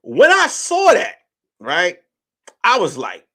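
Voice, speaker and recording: A man in his late thirties talks straight to his listeners as host of his own show. His voice sits a little high for a man, and his storytelling is loose, animated and full of swearing. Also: slow pace, long pauses, slightly rough. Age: late 30s. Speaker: podcast host. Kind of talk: casual monologue to listeners.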